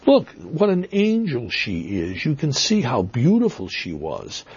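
A man with a Boston accent answering interview questions, halting with fillers and restarts, stressing words with emphasis, heard on dull lo-fi audio. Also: mid-range voice, wildly swooping pitch, a little mellow, husky. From Massachusetts. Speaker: interview guest.

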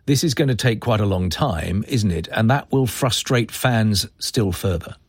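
Male radio presenter, low husky voice, measured, dry studio sound. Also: animated, no room sound. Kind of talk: radio news discussion.

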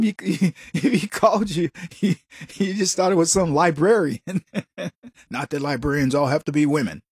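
A man's voice: a little high, normal speed, breathy edge, no echo, studio quality. A male radio talk show host delivering a political monologue in a conversational, emphatic way, often chuckling at his own asides.

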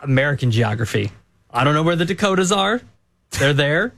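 A man's voice: fairly high pitch, lively intonation, fast talker, fairly bright tone, no echo. A man co-hosting a sports radio show, arguing his point insistently in casual banter. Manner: insistent, argumentative. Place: radio studio in Chicago.

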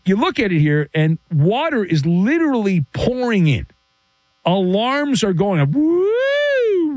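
A man's voice: on the high side, no echo. A man giving a theatrical, jokey sports commentary monologue, full of colorful metaphors and mock sound effects.

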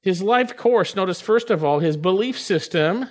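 A man's voice: high-pitched, animated, normal speed. A man preaching a sermon, reading scripture and stressing his points with emphatic, swelling exclamations. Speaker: pastor.

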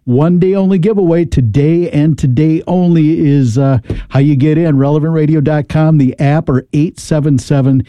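Dark-voiced American radio host. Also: male voice, a little high, normal speed, no room sound, clean studio sound. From United States. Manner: rambling, warm enthusiasm with fillers. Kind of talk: pledge drive chat.

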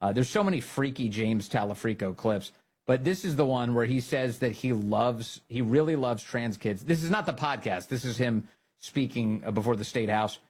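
A man hosting a political commentary show, mocking and animated, breaking into laughter and high-pitched jabs. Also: moderate pace, slightly rough. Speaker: podcast host.

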